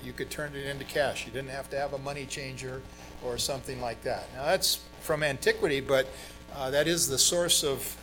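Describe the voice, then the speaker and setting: A man's voice: mid-range voice, a bit bright, low-quality recording. A middle-aged man who grew up in Brazil, preaching a sermon in a conversational way, with fillers and emphatic stresses. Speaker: pastor.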